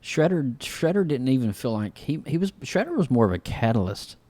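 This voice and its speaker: A man's voice: mid-range voice, brisk. A man co-hosting a podcast, chatting casually about a film, loose and full of fillers. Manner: relaxed, filler-heavy, says "man" often. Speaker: podcast co-host. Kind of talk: casual review chat.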